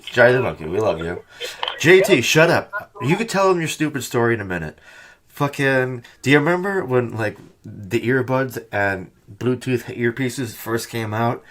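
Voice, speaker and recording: A man hosts a casual podcast in a profane, animated way, mocking people as he goes. His voice sits at a middle pitch for a man. He talks into a headset or phone mic over a call. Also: moderate pace. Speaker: podcast host. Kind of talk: casual chat.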